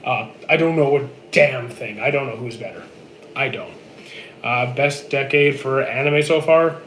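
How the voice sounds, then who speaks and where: A man in his thirties from Canada, chatting casually on a live stream and answering viewer comments in a relaxed, dry way. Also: mid-range voice, a little slow. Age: 30s. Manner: relaxed, dry, answers chat questions flatly. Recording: echoey room with faint noise.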